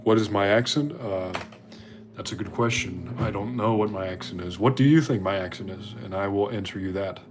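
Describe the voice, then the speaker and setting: A man's voice: fairly low pitch, brisk. A man casually chatting with viewers while drawing their requests, rambling and self-deprecating.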